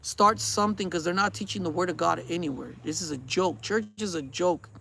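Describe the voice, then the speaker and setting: Vlogger in his forties with a high voice, earnest and preachy, rambles and repeats himself. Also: a little fast, vocal fry, pushed and bright, a little hiss or hum. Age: 40s. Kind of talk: casual rambling chat.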